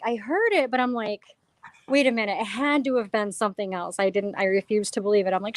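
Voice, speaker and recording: A woman chatting casually as an interview guest, animated and quoting herself as she tells stories. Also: mid-range voice, fairly quick, no room sound. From New York. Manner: animated storyteller, quotes herself and others. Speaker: paranormal investigator guest.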